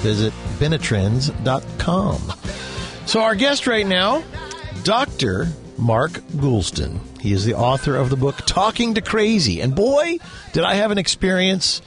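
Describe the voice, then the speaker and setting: A man's voice: high voice, huge pitch swings, unhurried, a bit bright, soft background music. A middle-aged man hosting a radio show, reading sponsor spots and chatting with his guest. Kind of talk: radio interview and sponsor reads.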